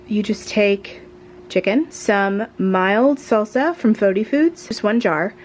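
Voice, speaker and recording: A woman's voice: mid-range voice, slow, slight background noise. An American woman hosting her own vlog, chatting casually with friendly asides to viewers. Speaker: vlogger host.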